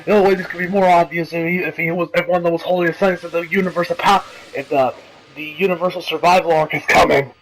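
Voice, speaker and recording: A man's voice: on the high side, steady tone, a little hiss or hum, low-quality recording. Rambling man recapping an anime episode. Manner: rambling, many fillers, laughs often; acts out character lines in quick impressions. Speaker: anime reviewer.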